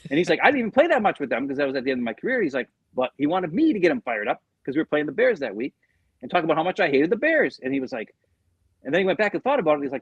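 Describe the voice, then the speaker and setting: A man's voice: on the high side, fast talker, breathy edge, dry recording, muffled recording. A man co-hosting a casual sports podcast, telling a story with lots of retold quotes, rambling restarts and swearing. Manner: animated storytelling, retelling quotes. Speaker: podcast co-host.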